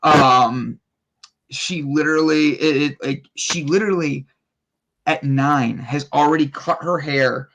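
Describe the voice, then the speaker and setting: A man from Ohio with an Ohio accent, a podcast guest in casual conversation who tells animated stories, playfully exaggerates and laughs. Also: on the high side, unhurried, a little hiss or hum. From Ohio, United States.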